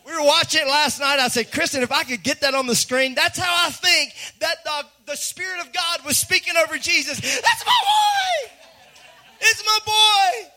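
A high-voiced man preaching. His delivery is animated, dropping to near-hushed asides before climbing to shouted lines. The tone is bright and ringing. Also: brisk, few pauses. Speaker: pastor. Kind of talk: sermon.

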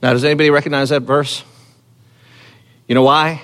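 Animated preaching man. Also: on the high side, brisk. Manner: conversational preaching, rising animatedly when quoting scripture; frequent fillers and restarts, asks the congregation questions. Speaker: pastor. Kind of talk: sermon.

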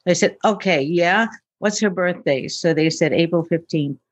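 A woman's voice: fairly low pitch, moderate pace, no room sound. A woman, a futurist, chatting in an interview, telling personal stories with many fillers and acting out the dialogue. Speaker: guest, futurist. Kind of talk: casual storytelling interview.

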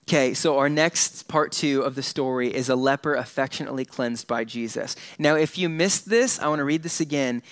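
A man preaching a sermon, lively and conversational, dropping quiet and slow for dramatic moments. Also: medium pitch, smooth, dry recording. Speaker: pastor.

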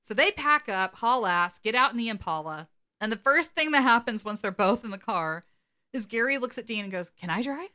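Lively bright-voiced woman recapping. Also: fairly high pitch, fairly quick, smooth. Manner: animated, acts out quotes, laughs often. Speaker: podcast co-host. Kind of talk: casual episode recap.

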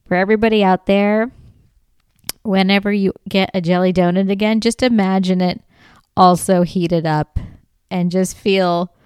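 Brief: woman comic host, smooth clear voice, close and dry mic, animated storytelling, swears freely. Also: mid-range voice, no room sound. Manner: animated, swears freely, laughs often, acts out quoted lines. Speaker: podcast host. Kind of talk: comedic storytelling monologue.

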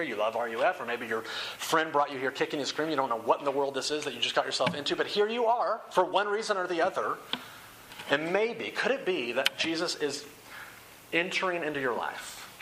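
A man's voice: a little high, background noise. A young man preaching a sermon to a seated crowd, in an earnest, conversational way that repeats and restates phrases. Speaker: campus ministry speaker. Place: room with rows of chairs.

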